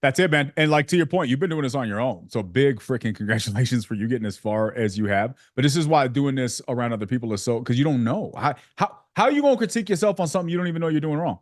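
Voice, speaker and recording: A man's voice: medium pitch, animated, no echo. Guy hosting a sales call group, talks slangy n jokey, dead dry mic. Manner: fast, slangy, joking, lots of fillers. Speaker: sales community host. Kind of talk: casual coaching chat on a video call.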